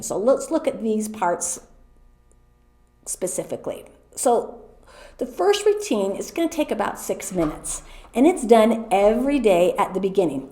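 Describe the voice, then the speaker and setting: A middle-aged American woman explaining classroom routines to teachers in a clear, patient way, sounding out words slowly. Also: on the high side, a little mellow. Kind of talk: teacher training presentation. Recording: echoey room.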